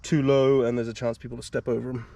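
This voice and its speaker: A British man, a solo wild camping vlogger, chats casually to camera in a woodland and walks through his gear step by step. He speaks in a hushed, half-whispered way, quickly and flatly, with a medium-pitched, creaky voice. The outdoor recording is dry.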